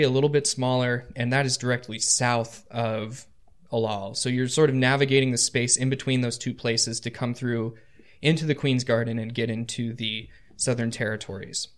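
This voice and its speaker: Rambling male game master. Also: mid-range voice. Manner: rambling, with frequent fillers and self-corrections. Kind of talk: narrating a tabletop game.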